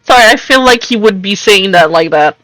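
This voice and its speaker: A woman's voice: mid-range voice, lively intonation, a little fast, a bit bright, no room sound, rough recording. A woman streaming a game, reading it aloud and laughing as she tries out silly voices. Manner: playful, laughing, jumps between silly voices.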